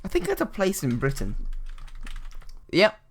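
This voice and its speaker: A woman's voice: medium pitch, wildly swooping pitch, unhurried, breathy edge. A woman co-hosting a casual gaming chat, making dry, sarcastic quips. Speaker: gaming video co-host.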